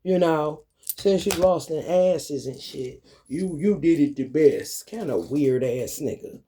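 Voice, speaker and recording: A man's voice: on the high side, slow pace, dark tone, slight background noise. A man vlogging a profane, confrontational rant, swaggering and taunting his targets.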